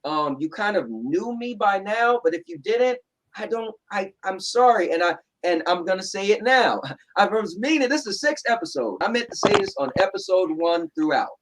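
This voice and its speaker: A man with a New Jersey accent talks straight at the camera from his home. His voice sits high for a man, and he speaks bluntly and sarcastically in casual chat. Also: animated, normal speed, a bit bright, a little hiss or hum, rough recording. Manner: blunt, sarcastic, repeats "right?". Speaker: show host.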